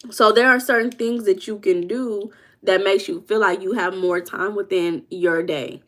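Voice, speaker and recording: A woman's voice: medium pitch, fairly even intonation, normal speed, a bit bright. A woman with a mid-range voice hosts a live chat stream and talks to viewers in a loose, easygoing way. She calls out names from the chat and laughs often. Now and then she tosses in playful bits of Spanish before settling into an informal explanation. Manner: chatty, reads out viewers' names and answers them. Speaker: livestream host. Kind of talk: casual livestream chat; informal teaching on mindset.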